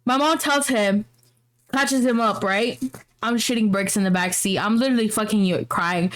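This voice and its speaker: A woman's voice: medium pitch, moderate pace, a bit bright. A young woman co-hosting a podcast, retelling a story in a casual, slangy, swearing way. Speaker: podcast co-host.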